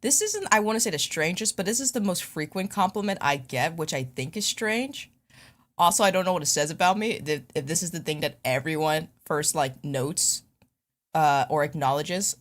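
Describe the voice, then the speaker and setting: Woman w a lowish smooth radio kinda voice, chatty, laughs at herself a lot. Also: lively intonation, normal speed. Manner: chatty and self-mocking, laughs often; smooth voice people call radio-ready. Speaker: podcast co-host. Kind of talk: casual chat.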